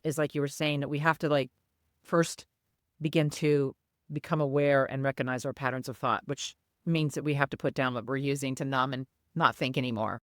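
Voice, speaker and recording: Woman podcast co-host, low smooth voice, earnest and reflective. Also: fairly even intonation, brisk, dry recording, clean studio sound. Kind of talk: casual podcast chat.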